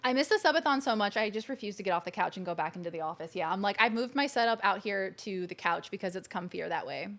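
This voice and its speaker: A woman's voice: medium pitch, expressive, quick pace, hardly any pauses, fairly bright tone. A woman streaming a video game from her couch at home, chatting casually and gushing thanks to her viewers. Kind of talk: casual live-stream chat. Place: living room couch at home.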